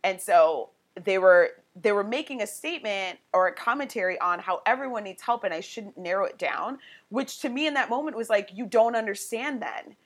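A woman's voice: mid-range voice, animated, brisk, a bit bright. A woman guest on a podcast, telling a personal story in a candid, conversational way full of "like" and "you know". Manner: candid and emotionally open.

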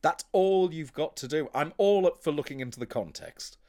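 A man, an actor talking in a blunt, animated, profane way in casual podcast chat. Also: on the high side, moderate pace.

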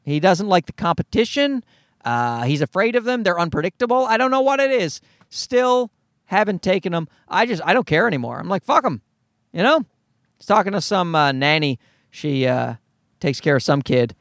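Man, podcast host, sarcastic and profane, animated high voice, dry close sound. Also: moderate pace, dry recording. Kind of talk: comedic storytelling monologue.

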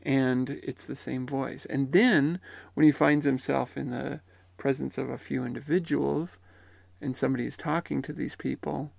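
A man's voice: mid-range voice, fairly even intonation, normal speed, vocal fry, darkish tone, no echo. A man retelling and reflecting on someone's near-death account in a musing, tentative way. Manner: musing and tentative, often unsure. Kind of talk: reflective spoken commentary.

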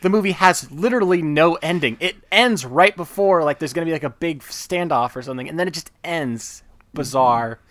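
A man's voice: on the high side, a little fast, a bit bright, no echo. A man hosting a movie podcast, talking in a rambling, enthusiastic way full of asides. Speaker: podcast host. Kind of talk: casual chat.

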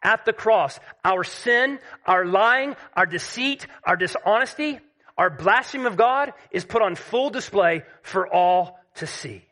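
Bright-voiced emphatic male preacher. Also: sits high, animated, measured pace. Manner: emphatic, dropping to a hush at key points. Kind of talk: sermon.

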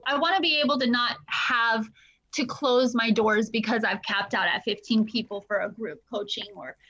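A woman's voice: fairly high pitch, normal speed, bright, forceful tone, lo-fi sound. A woman guest telling her own story candidly, with fillers and laughs. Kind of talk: casual interview talk.

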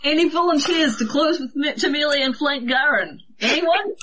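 A woman's voice: high-pitched, normal speed, a bit bright, a little hiss or hum. A woman playing in a tabletop game, chatting casually and teasing the other players.

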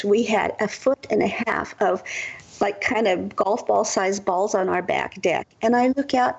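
A woman's voice: medium pitch, creaky, breathy edge, poor audio. A woman who is a guest in an interview, telling spiritual stories earnestly and with many restarts.

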